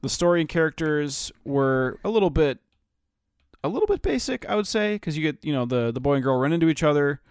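A man's voice: fairly high pitch, very animated, a little fast, clean tone, no echo, clean studio sound. A man co-hosting a podcast, talking about anime in an enthusiastic, slangy, joking manner. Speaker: podcast co-host. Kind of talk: casual podcast chat.

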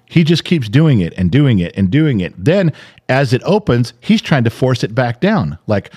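Telling a story on a podcast he co-hosts, this middle-aged man acts out other people's lines with profane exasperation. His mid-range voice is very animated and darkish with a breathy edge, at a moderate pace.

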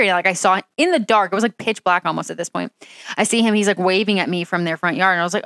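A woman's voice: mid-range voice, fast talker, fairly bright tone, smooth, dry recording, clean studio sound. A young woman co-hosting a podcast, telling a long personal story in casual chat, full of "like". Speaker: podcast co-host.

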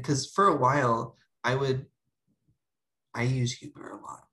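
Poor audio captures a young woman's bass voice moving at a measured pace. Co-hosting a podcast, she relates a personal anecdote casually and with animation, doing voices for the people in her family.

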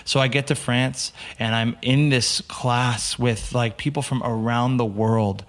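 A man from the United States, a podcast guest, telling lively stories and acting out the lines of the people in them. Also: medium pitch, measured pace. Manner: animated storyteller, acts out quotes. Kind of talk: casual storytelling interview.

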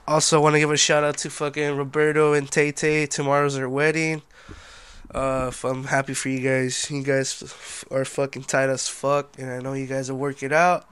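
A man's voice: medium pitch, little pitch movement, normal speed, a bit bright, smooth, no room sound. A young man hosting a casual solo podcast, laid-back and a little tipsy and sluggish, swearing constantly and saying "dude" a lot. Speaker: podcast host.

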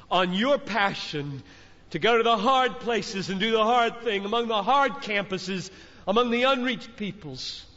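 High-voiced fervent preacher in a big hall. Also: male voice, bright, forceful tone. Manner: fervent, exhorting, emphatic repetition. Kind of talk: sermon. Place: large conference hall. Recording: dull recording, long hall reverb.

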